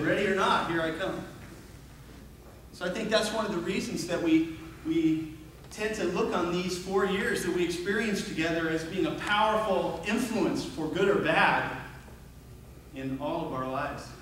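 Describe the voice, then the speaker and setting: A man with a high voice tells funny school stories at a memorial reunion, acting out the people in them and joking about himself. He is heard from a distance in a very echoey hall, with faint room noise behind him. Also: a little slow. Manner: storytelling, acts out voices, self-mocking humor. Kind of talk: anecdotal memorial speech.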